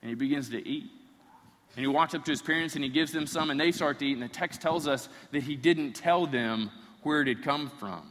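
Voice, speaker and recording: A man preaching a sermon, retelling a story in an animated way with playful asides. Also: on the high side, fairly quick. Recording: reverberant hall.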